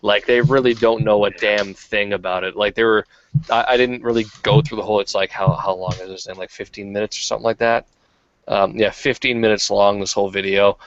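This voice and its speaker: A man's voice: lowish voice, fairly even intonation, brisk, a little hiss or hum. A man hosting a podcast, chatting casually and profanely with many fillers. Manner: profane, rambling, frequent fillers. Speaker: podcast host. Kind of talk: casual chat. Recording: dull lo-fi podcast audio.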